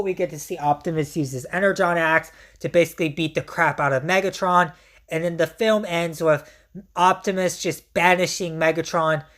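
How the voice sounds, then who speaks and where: Female reviewer with a deep voice; chatty, eager, repetitive delivery. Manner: enthusiastic, repetitive, frequent fillers. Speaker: movie reviewer. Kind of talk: casual spoken movie review.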